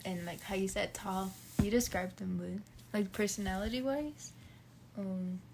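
A woman's voice: mid-range voice, measured pace, vocal fry, a little mellow, slight background noise. A young woman in casual, joking chat about dating, with lots of fillers.

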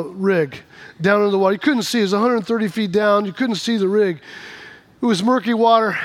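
A man preaching a Sunday sermon in a strikingly high voice. He tells stories and hammers key points with repetition. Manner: storytelling preacher, emphatic repetitions. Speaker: pastor.

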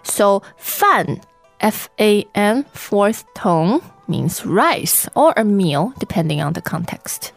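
A woman teaching a language lesson, modeling phrases slowly and repeating each twice. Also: mid-range voice, sing-song, creaky, no echo, soft background music.

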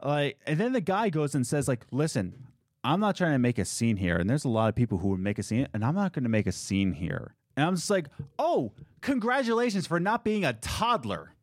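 A man's voice: mid-range voice, fast, no room sound. Sarcastic guy ranting about a customer, voice jumps all over, dry close sound. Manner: animated, sarcastic, quotes people in put-on voices. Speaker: restaurant worker telling a story. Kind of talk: casual storytelling chat.

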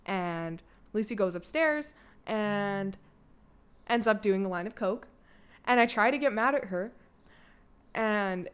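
A young woman with a Canadian accent tells her own story in a casual, rambling way. She leans on filler words and swears freely. Her voice is smooth and resonant, sitting at an ordinary middle pitch for a woman. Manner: candid, loose and chatty, heavy filler "like", swears freely. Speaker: guest, daughter of the host.

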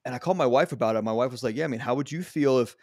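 A middle-aged male podcast host with a mid-range, darkish voice races through candid personal stories, swearing often in casual conversation. The recording is dry and studio-clean.

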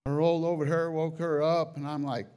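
A man sharing a personal religious testimony about a dream, in an earnest, halting way with frequent restarts, sometimes rising high and loud with feeling. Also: little pitch movement. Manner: rises high and loud at emotional peaks.

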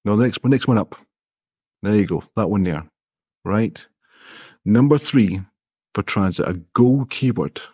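A man's voice: lowish voice, expressive, measured pace, pauses often, darkish tone, husky, dry recording, clean studio sound. A man, an indie app developer, explaining his approach step by step in a friendly, modest way during a casual interview.

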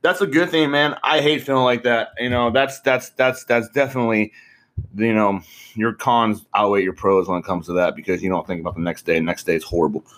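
Low-voiced, profane young man. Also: fairly even intonation, fairly quick, a bit bright. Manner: profane, rambling, laughs often, says "bro". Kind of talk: casual chat.

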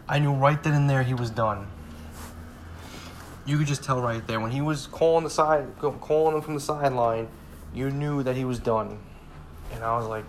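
A man's voice: mid-range voice, brisk, slight background noise. Heated, swearing twenty-year-old man. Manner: heated, swearing, rambling with repeated phrases. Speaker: sports fan vlogger. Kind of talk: casual ranting monologue.

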